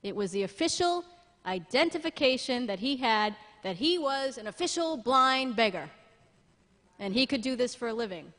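A woman pastor preaching a sermon in a church, lively and humorous, with asides to the congregation. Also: fairly high pitch, moderate pace, in a large hall. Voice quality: blind, jokes about herself.

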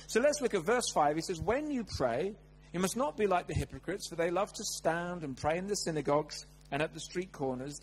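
A man's voice: fairly high pitch, a little hiss or hum, poor audio. A man preaching a sermon, telling personal stories with humor and acting out quotes. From England. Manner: animated, humorous, acts out quotes.

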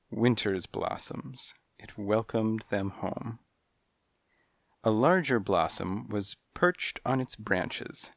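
A man's voice: on the low side, no room sound, studio quality. A man reading a children's mystery aloud in first person, with a rhythmic, lilting storytelling delivery. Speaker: audiobook narrator. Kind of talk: first-person audiobook narration.

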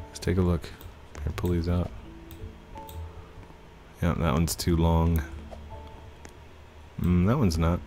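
A man's voice: low voice, fairly even intonation, slow pace, pauses often, dark tone, soft background music. A young man hosting a gaming channel, chatting casually and rambling to his viewers while he plays. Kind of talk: casual gameplay commentary.

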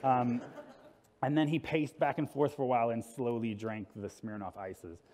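A man on a conference stage tells a funny story in a casual, wry way, slipping into little voices for the people he quotes. His mid-pitched voice carries a long reverb from the big hall around him. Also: steady tone, moderate pace, darkish tone. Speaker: conference speaker. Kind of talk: humorous storytelling talk.

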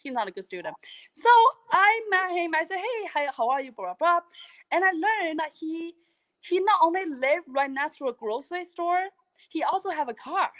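A woman, a guest on a live video interview, telling stories in an animated, earnest way with many restarts. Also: very high-pitched, normal speed. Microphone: video call.

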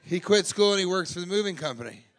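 A man doing improvised stand-up crowd work, teasing people in the audience, laughing often and shouting out punchlines. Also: sits high, expressive, quick pace, heavy background noise. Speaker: stand-up comedian. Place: live comedy club.

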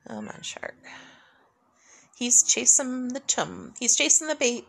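Chatty gamer woman, kinda high voice, bit of fry, jokes and mutters while she plays. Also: big pitch swings, slow pace, pauses often, fairly bright tone. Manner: chatty, jokey, mutters to herself. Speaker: gamer recording a playthrough. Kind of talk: casual gameplay commentary.

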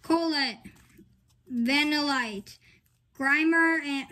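A woman with a high, light voice talks at an unhurried pace through a casual commentary. She reads off names one at a time in short, clipped phrases, like a running checklist. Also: steady tone. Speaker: channel host. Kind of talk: casual card-opening commentary.

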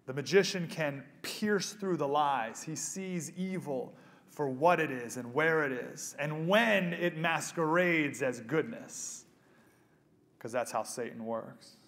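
At an event venue before a live audience, a man in his thirties gives a motivational speech at a pro-life event. His voice sits on the high side and he speaks slowly, animated and joking with the crowd, then dropping to a soft, hushed tone.

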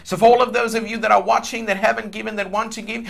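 A man leading a telethon prayer, declaring blessings over donors and then slowly reading out giving details. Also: sits high, level tone, vocal fry. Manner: declaring and decreeing, swells loud, then slows to read an address. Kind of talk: fervent telethon prayer and appeal.

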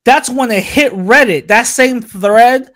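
A man's voice: very high voice, slow pace, a bit bright. A man on a casual podcast, telling a heated story with lots of profanity and acted-out quotes. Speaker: podcast co-host.

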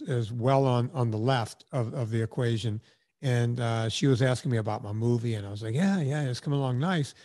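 A man with a New York accent hosting a podcast, reading an ad and telling stories with animated restarts. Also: mid-range voice. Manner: animated storytelling, frequent restarts. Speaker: podcast host. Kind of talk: casual podcast chat with ad read.

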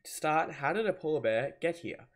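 A man's voice: on the high side, lively intonation, normal speed. Chatty man thinking aloud over a game. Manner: casual, thinks aloud, easily confused. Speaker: gaming channel host. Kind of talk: gameplay commentary.

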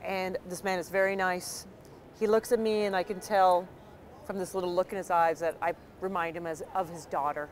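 A woman from Canada telling a personal story with an animated, self-deprecating comic delivery. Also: on the low side, normal speed, slight background noise.

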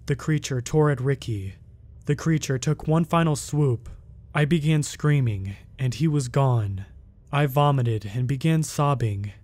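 A man narrating a first-person scary story in a steady, measured way. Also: medium pitch.

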